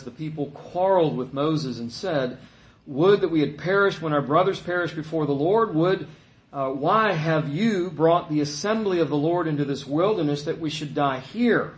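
A man delivers a sermon in a relaxed, conversational way, slipping into mocking voices for the complainers in the scripture. His voice sits a little high. The room around him has a noticeable echo. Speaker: pastor. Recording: echoey room.

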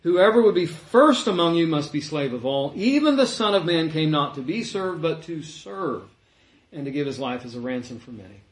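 A man preaching a sermon in an animated way, acting out the voices he quotes. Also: a little high, moderate pace. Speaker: pastor. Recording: echoey room.

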